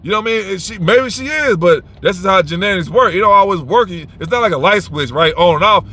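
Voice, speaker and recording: A man giving blunt opinions in a casual, animated way, with everyday slang. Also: sits high, quick pace.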